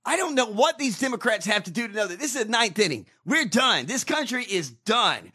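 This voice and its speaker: A man hosting a casual podcast, ranting with profanity and bursts of shouting. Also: high voice, sing-song, a little fast, breathy edge. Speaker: podcast host. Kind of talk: casual chat.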